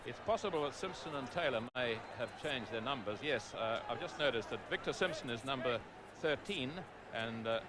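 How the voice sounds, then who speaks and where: A middle-aged man giving live rugby play-by-play commentary, calm for background facts and rising to excited calls at big moments. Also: mid-range voice, normal speed, few pauses, background noise.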